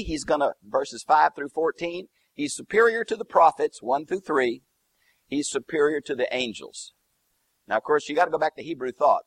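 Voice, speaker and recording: Male Bible teacher, emphatic numbered points, dry close sound, lively pitch. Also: husky, no echo. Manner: explains Greek and Hebrew terms, emphatic lists; lively, swooping emphasis on key words.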